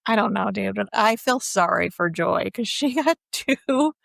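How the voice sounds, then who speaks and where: A woman co-hosting a podcast, chatting casually with short reactions and quick laughs. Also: mid-range voice, animated, creaky, fairly bright tone, no echo, studio quality. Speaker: podcast co-host. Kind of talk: casual chat.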